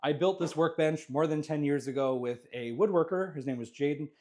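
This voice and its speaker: A man's voice: a little high, a little fast. Casual man touring his jewellery workshop. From Canada. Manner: relaxed, rambling, many fillers and restarts. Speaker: jewellery maker giving a studio tour. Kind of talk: casual walkthrough vlog. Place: small home jewellery workshop.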